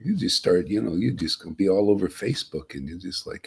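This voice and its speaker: Man, spiritual teacher, folksy emphatic talk, husky voice, very lively intonation. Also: low-pitched, fast talker. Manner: folksy and emphatic, frequent "see?" and "man", chuckles. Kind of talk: informal spiritual talk to a group.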